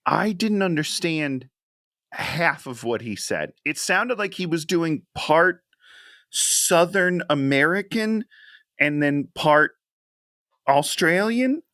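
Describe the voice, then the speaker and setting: Lively, sarcastic man on a podcast. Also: on the high side, slow, no room sound, studio quality. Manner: sarcastic, animated, joking. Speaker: podcast co-host. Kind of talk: casual movie-review chat.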